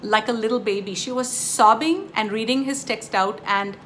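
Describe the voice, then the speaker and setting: A woman's voice: a little high, normal speed, a bit bright, a little hiss or hum. A woman giving a casual spiritual teaching, telling stories emphatically and addressing her viewers directly. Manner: emphatic, storytelling, addresses viewers as "you guys".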